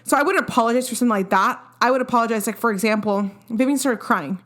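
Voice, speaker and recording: A woman's voice: a little high, fast, fairly bright tone. A young woman co-hosting a podcast, talking frankly and firmly about parenting in casual chat with fillers. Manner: frank, firm, chatty with fillers. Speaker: podcast co-host.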